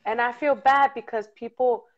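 A woman's voice: on the high side, fairly even intonation, moderate pace, highs cut off. A woman co-hosting a casual ministry livestream, moving between Spanish and English and laughing often.

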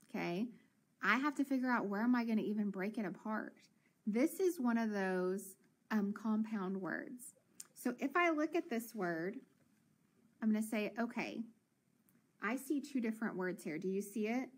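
A woman teacher leading a children's phonics lesson, encouraging and sounding out words slowly. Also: mid-range voice, animated.

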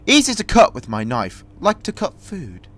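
A young man commentating on a horror game, sarcastic and jumpy, shouting when startled. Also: fairly high pitch, wildly swooping pitch, moderate pace. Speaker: gameplay commentator.

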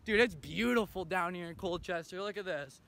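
A man's voice: sits high, brisk, creaky, a bit bright. A young man from Canada vlogging casually on his phone outdoors, rambling and laid-back with plenty of slang. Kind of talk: casual vlog chat. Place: outdoors and in a car. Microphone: phone camera at arm's length.

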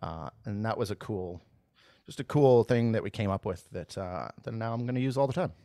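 Low-ish guy rambling on a podcast, laughs a lot, dry close sound. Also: expressive, a little fast, dark tone, dry recording. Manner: rambling, laughs often, restarts mid-sentence. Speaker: band vocalist and lyricist, guest. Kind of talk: casual podcast chat.

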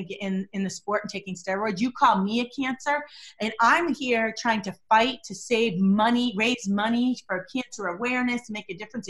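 A woman's voice: fairly high pitch, sharp tone, poor audio. A woman voicing a defiant male athlete who scornfully rebukes a reporter at a press conference.

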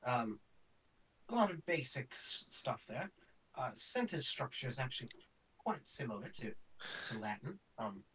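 A man's voice: mid-range voice, sing-song, measured pace, pauses often, fairly bright tone, slightly rough, distant mic, heavily acted, rough recording. A man doing a stammering fussy old scholar. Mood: explaining. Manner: genteel, stammering, calls others "my boy" and "old chap". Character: fussy, absent-minded male scholar.

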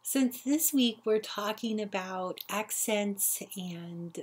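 A woman from Texas with a light Southern accent speaks to her class in a reflective, personal way. She pauses often to gather her thoughts as she talks, and her pitch sits in a middle range. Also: husky. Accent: faint Southern US. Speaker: professor. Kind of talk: recorded class talk to students.

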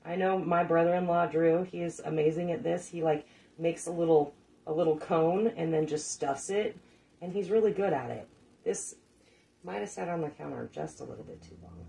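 A woman's voice: lowish voice, normal speed, vocal fry, mellow. A middle-aged woman hosting a casual cooking livestream, chatting with viewers, swearing casually and laughing often. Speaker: cooking show host.

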